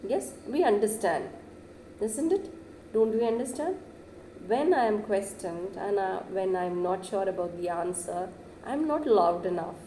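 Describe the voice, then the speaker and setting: A woman delivers a classroom lecture in a soft, mellow voice. She says "yes" again and again and lifts her pitch to stress points. The recording sounds echoey, with a faint hiss of background noise. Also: lively intonation, a little slow. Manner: repeats "yes" often, stresses words with rising pitch.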